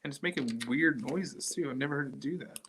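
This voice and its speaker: A man investigating a site live, excitable and quick to react to sounds around him. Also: fairly high pitch, background noise. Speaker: paranormal investigator.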